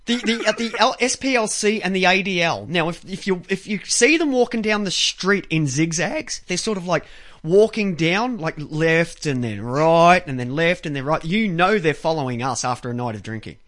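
A man with a notably high voice, telling stories excitedly as he co-hosts a crude, casual radio chat. He swears freely and builds his stories up with energy. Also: moderate pace. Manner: excitable, profane storytelling. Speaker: co-host.

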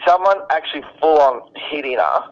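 A man's voice: on the high side, animated, a little fast. A man in casual chat, blunt, profane and emphatic. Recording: dull lo-fi recording.

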